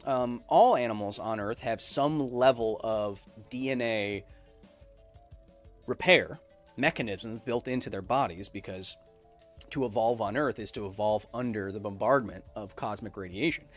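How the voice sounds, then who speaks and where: A man in his thirties hosting a casual live-stream podcast, answering chat questions with quick jokes and lots of ums. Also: fairly low pitch, faint music behind. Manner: animated and jokey, with many ums and playful outbursts.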